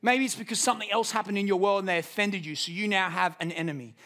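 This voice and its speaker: A man's voice: high voice, quick pace, bright, forceful tone. A young man preaching a sermon, telling stories and building to emphatic peaks. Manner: storytelling, rises to emphatic peaks. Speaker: pastor.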